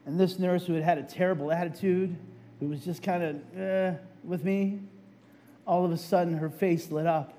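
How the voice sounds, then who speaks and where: High-voiced male pastor preaching. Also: fairly even intonation, moderate pace, dark tone. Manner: conversational preaching, frequent "right?" asides. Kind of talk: sermon with personal story.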